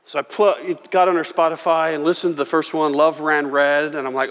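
A middle-aged man preaching a sermon as pastor, earnest and emotional, often halting and restarting his words. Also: fairly high pitch, flat delivery, a bit bright. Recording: long reverb of a church hall.

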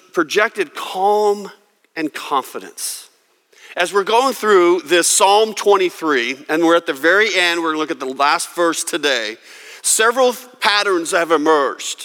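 Man preaching with bright, forceful delivery. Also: sits high, expressive. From California. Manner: storytelling, emphatic with dramatic pauses. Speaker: pastor. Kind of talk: sermon. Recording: long reverb of a large hall.

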